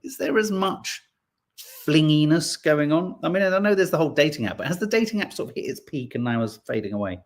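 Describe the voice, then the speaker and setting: A man's voice: on the high side, lively intonation, brisk. A man from Birmingham hosting a podcast, casually reading out headlines and viewer comments with jokey, playful asides. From Birmingham, England. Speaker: podcast host.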